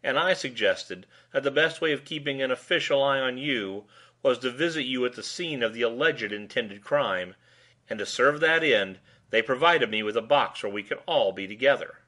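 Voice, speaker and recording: A man's voice: medium pitch, expressive, normal speed, pushed and bright. A man voicing a sly, amused male police lieutenant who talks in a wordy, mock-formal way.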